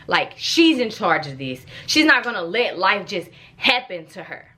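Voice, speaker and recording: A young adult woman chatting casually in her own vlog, telling stories in an animated, playful way. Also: mid-range voice, measured pace. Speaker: vlogger.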